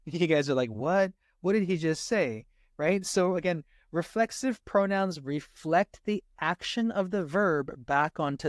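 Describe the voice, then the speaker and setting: A man teaching grammar for a test in a casual lesson, checking in with "right?" after almost every point and slowing down to stress example sentences. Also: fairly high pitch, dry recording, studio quality. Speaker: SAT tutor.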